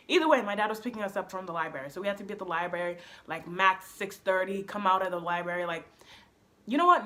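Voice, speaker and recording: A young woman spins a casual storytime for her viewers, bouncing between narration and quick acted-out lines of dialogue. Her voice is bright and forward, and she tosses in slang as she goes. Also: mid-range voice. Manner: animated, acts out quotes with slang. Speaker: storyteller vlogger.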